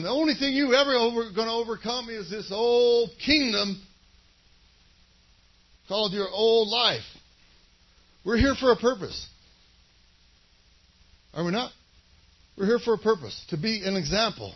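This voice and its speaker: A husky-voiced man preaching a sermon to a small congregation, leading call-and-response and making chatty asides to listeners. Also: high voice, normal speed, pauses often, highs cut off. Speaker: pastor.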